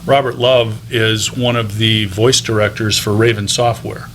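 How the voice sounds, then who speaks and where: A man's voice: lowish voice, steady tone, unhurried, fairly bright tone, a little hiss or hum. A man in his fifties, a teacher turned voice actor, telling stories from his career as an interview guest in a chatty, anecdotal way. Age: 50s. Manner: chatty anecdotal telling with frequent ums and restarts. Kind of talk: casual interview storytelling.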